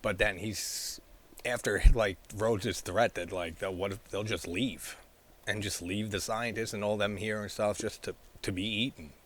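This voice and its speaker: Low-voiced man rambling about a film. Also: fairly even intonation, unhurried, fairly bright tone. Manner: rambling, fills with "like", laughs often, swears freely. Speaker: horror movie reviewer. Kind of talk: casual film discussion.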